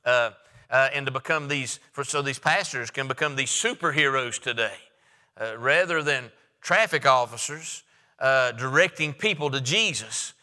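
A man's voice: mid-range voice, normal speed, pushed and bright, in a large hall. A man, a pastor preaching a sermon in a church, emphatic and repetitive, with frequent filler sounds.

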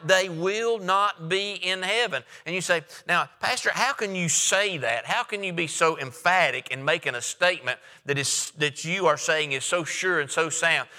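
A man preaches a sermon with firm, repeated emphasis, often pausing on filler sounds. His voice is very bright and sits a little high for a man. It rings with the long reverb of a church hall. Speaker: pastor.

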